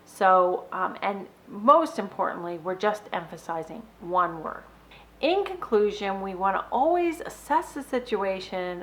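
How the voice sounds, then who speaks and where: A middle-aged woman hosting an educational video blog, explaining things clearly and acting out baby sounds and simple words in a playful, exaggerated way. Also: medium pitch, a bit bright, slight background noise, rough recording. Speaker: behavior analyst host.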